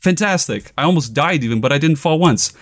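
A man's voice: fairly high pitch, fairly quick. Young man telling a funny story, laughing. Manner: animated, laughing, acts out his own yelling. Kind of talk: casual storytelling.

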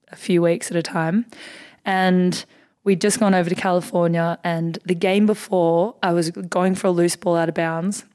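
A woman's voice: lowish voice, darkish tone. A young Australian woman in her twenties, a basketball player chatting as a podcast guest, telling stories in an upbeat way with lots of "like" and "um". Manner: chatty, upbeat storyteller with frequent "like" and "um". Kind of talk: casual interview chat.

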